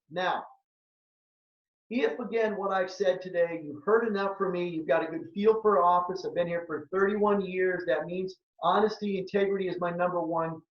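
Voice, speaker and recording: Earnest doctor in a muffled echoey room. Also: male voice, high-pitched, distant mic. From Minnesota, United States. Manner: earnest, emotional, repeats phrases for emphasis. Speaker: functional medicine doctor presenting a webinar. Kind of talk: webinar presentation, personal story and pitch.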